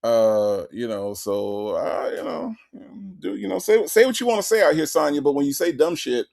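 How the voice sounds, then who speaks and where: Animated, blunt male stream host, gravelly. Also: a little high, moderate pace. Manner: animated, blunt, profane, laughs often. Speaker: livestream host. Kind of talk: casual live-stream commentary reading chat.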